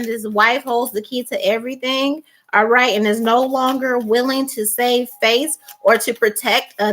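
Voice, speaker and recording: A woman's voice: high voice, bright, forceful tone. A woman giving a tarot reading, emphatic and repeating "okay?" and "all right?", acting out the people she quotes. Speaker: tarot reader.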